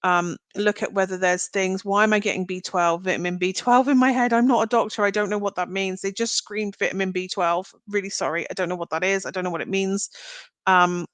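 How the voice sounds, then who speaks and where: A woman reads tarot cards on a live stream in a smooth, clear voice, wandering from thought to thought as she speaks. Her tone is reassuring and directed at each viewer. The sound is dry and close, with no room echo. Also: mid-range voice, steady tone, a little fast, fairly bright tone. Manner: chatty and meandering, thinking aloud. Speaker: tarot reader. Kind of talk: live-streamed card reading.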